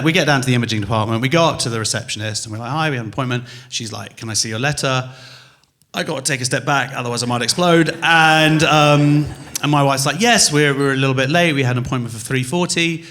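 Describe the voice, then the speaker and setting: A man doing a stand-up comedy set in a club, telling a story with lots of swearing and quick acted-out voices of his wife and the hospital staff. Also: mid-range voice. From England. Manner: swears freely, jumps from loud to muttered.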